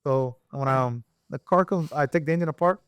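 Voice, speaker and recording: Man telling a lively story. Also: moderate pace, clear, resonant tone, dry recording. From Puerto Rico. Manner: animated storyteller who acts out quoted people with jumps in pitch. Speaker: guest, engine builder and shop owner. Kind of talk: casual storytelling interview.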